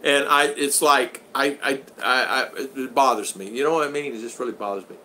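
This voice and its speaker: A man's voice: mid-range voice, fairly quick, pushed and bright, slight background noise. Chatty older man hosting a live chat. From United States. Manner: chatty, laughs often, greets viewers by name. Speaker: livestream host reading chat.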